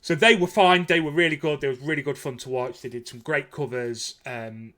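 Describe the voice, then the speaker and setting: A man's voice: on the high side, a little fast, a bit bright. A man, chatting casually as a podcast host and rambling enthusiastically. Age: 30s. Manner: rambling and enthusiastic, with frequent fillers and laughs. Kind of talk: casual chat.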